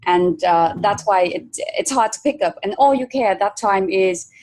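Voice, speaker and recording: A woman's voice: medium pitch, lively intonation, moderate pace, a little mellow. Woman hosting an interview. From Vietnam. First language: Vietnamese. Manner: thoughtful, uses many fillers. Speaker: host. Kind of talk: interview conversation.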